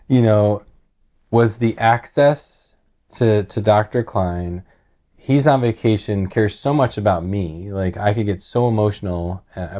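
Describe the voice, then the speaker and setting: A man's voice: on the low side, dark tone. A middle-aged man telling a personal story in casual, earnest talk, rambling with many restarts and filler words.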